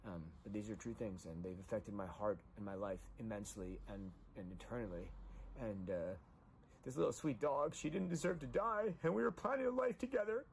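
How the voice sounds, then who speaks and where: A man's voice: fairly low pitch, lively intonation, normal speed, gravelly, breathy edge. A middle-aged man in a rambling, emotional confessional monologue, distraught and repeating himself. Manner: rambling, repetitive, grief-stricken, voice rising when agitated. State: distraught after a breakup and a loss.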